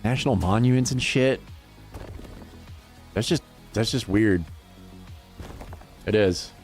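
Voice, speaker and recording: A man's voice: lowish voice, slow pace, darkish tone, faint music behind. A man streaming a game and chatting casually with his viewers, rambling and swearing freely. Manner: profane, rambling, laughs often. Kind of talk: casual livestream chat while gaming.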